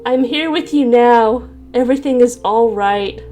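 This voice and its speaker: A woman's voice: a little high, a little slow, warm tone, soft background music, lightly acted. Woman reading as a soothing AI boyfriend. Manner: soothing, cheery, reassuring. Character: gentle male AI boyfriend in a phone app.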